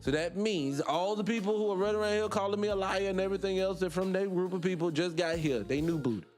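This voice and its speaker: High-voiced man ranting on a livestream. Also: quick pace, a little mellow, faint music behind. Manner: rhetorical questions, wry laughs. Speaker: livestream host. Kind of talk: casual livestream monologue.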